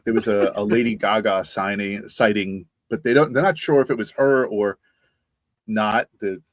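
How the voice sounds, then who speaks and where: A man chatting casually, halting and hesitant, with many restarts. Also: on the low side, no room sound. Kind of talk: casual chat.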